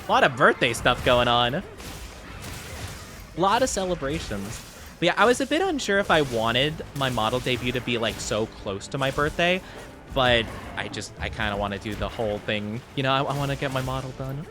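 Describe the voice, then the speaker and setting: Excitable young man streaming a game. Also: medium pitch, fairly quick, soft background music. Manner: playful, excitable, reacts loudly to chat. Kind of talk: casual game livestream chat.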